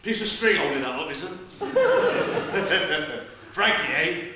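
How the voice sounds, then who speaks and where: An actor with a fairly high, animated voice plays a famous male stage comedian, rattling off jokes with a chuckling laugh at a measured pace. The stage play is set in a small studio theatre, and the recording is roomy and far off, with music and background noise.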